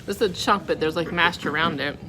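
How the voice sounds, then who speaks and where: A woman's voice: lowish voice, fairly quick, pushed and bright. A woman food vlogger tasting dishes at a restaurant, talking candidly and scoring each one out of ten. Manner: chatty, candid, rates each dish out of ten. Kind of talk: casual food review. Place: restaurant dining room. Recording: restaurant background noise.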